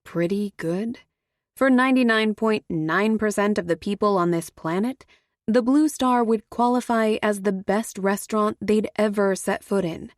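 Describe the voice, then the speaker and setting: A woman reads a first-person thriller in a measured voice with a wry edge. She is recorded on a close mic with a dry, dead sound and no room around her. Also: medium pitch, dry recording. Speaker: audiobook narrator. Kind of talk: first-person audiobook narration.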